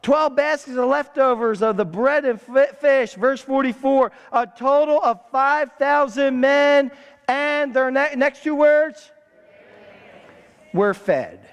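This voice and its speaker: Man, pastor, call-and-response sermon, very high voice, reverberant church hall. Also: takes it slowly, lo-fi sound. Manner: call-and-response preaching, repeats words for emphasis. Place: church sanctuary.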